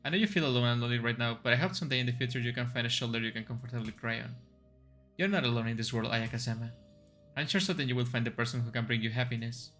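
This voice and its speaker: A man voicing a gentle young maid who comforts her mistress, reading her lines softly and kindly. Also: medium pitch, fairly even intonation, rapid-fire, faint music behind, natural voice.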